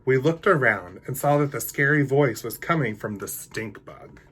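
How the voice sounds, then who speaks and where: A man reading a picture book aloud to children in an animated, playful way, with hushed asides. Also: medium pitch, moderate pace, husky. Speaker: drag queen storyteller.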